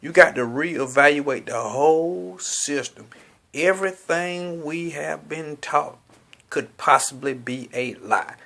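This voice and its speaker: Man, slightly high pitch, AAVE, blunt, profane, preachy street monologue. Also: takes it slowly, vocal fry, pushed and bright.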